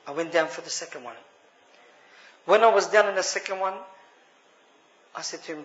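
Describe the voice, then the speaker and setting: A man's voice: on the high side, a little fast, pauses often, a bit bright, slight background noise. A man with an Australian accent giving an earnest personal testimony to a gathering, addressing the listeners as brothers. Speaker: speaker sharing a personal story. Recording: dull lo-fi recording.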